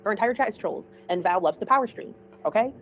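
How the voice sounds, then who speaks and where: Fast-talking opinionated woman streamer. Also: mid-range voice, lively intonation, fairly bright tone, low-quality recording. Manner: opinionated, chatty. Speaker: livestream commentary host. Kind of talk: casual livestream commentary.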